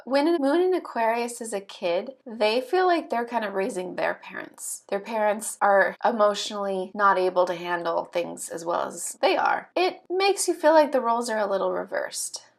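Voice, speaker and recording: Casual female astrology host, conversational and filler-heavy, some vocal fry, mid pitch. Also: lively intonation, moderate pace, few pauses. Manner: chatty, conversational, frequent fillers. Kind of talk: casual explanatory monologue.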